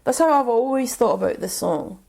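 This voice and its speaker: A woman's voice: fairly high pitch, animated, brisk, creaky, darkish tone. A woman co-hosting a podcast, musing playfully in casual chat about songs and laughing easily. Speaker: podcast co-host.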